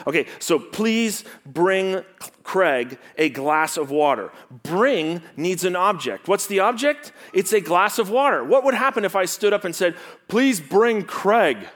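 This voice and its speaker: Preaching in a slightly high voice, this male pastor teaches with animation. Rhetorical questions go out to the congregation, and his delivery falls from loud emphasis to quiet stresses.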